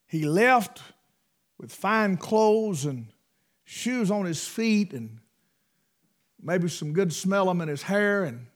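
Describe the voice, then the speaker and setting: A man preaching a sermon in a folksy, emphatic way, swinging between loud bursts and hushed asides. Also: high voice, lively intonation, slow, pauses often.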